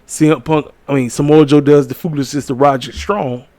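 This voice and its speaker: Guy ranting about wrestling, kinda high voice, preachy, dry close sound. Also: a little fast, dry recording. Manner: animated and preachy, repeats catchphrases. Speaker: wrestling show reviewer. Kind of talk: casual commentary. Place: small room at home.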